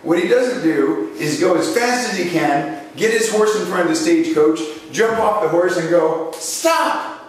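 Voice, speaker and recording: A man's voice: sits high, normal speed, few pauses. A man teaching a live sales seminar, telling stories, acting out voices and questioning his audience. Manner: animated storytelling, acts out voices, asks the audience questions. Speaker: sales trainer. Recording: echoey hall, mic from a distance.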